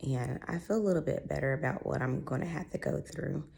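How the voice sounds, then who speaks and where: A woman speaks low and gravelly, her voice going in and out now and then. She tells a personal story in a heartfelt, chatty way, with a dark, mellow tone. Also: brisk. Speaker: vlogger. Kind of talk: personal health vlog.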